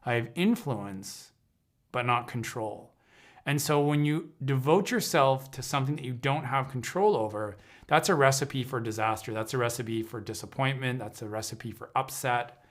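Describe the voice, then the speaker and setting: A man's voice: medium pitch, normal speed, fairly bright tone. A man hosting a livestream as an intuitive counselor, talking in an earnest, searching way and often restarting his sentences mid-thought. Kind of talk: reflective spoken teaching on a livestream.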